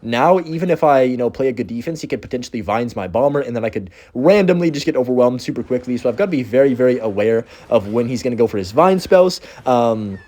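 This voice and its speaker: A young man giving live gameplay commentary for his video channel, excitable and reacting loudly to each play. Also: medium pitch, fast talker, few pauses. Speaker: gaming video creator.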